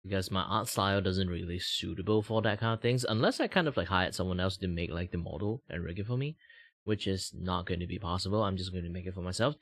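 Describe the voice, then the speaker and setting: A young Malaysian man streams as a VTuber, talking fast in a low voice over a dry desk-mic recording. His casual livestream chat rambles and pokes fun at himself, and he chuckles often.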